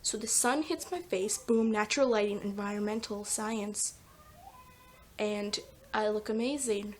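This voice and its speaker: A woman's voice: on the high side, a little hiss or hum. A teenage girl in a casual comedic vlog, rambling and self-mocking, sometimes dropping into whispers, filmed on a phone at home. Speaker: vlogger. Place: home, by a sunny patio door. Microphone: phone camera taped to a patio door.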